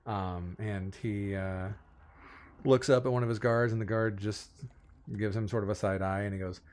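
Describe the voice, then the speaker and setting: A man narrating as game master of a tabletop game, halting, with many fillers and restarts. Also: fairly low pitch, steady tone, darkish tone.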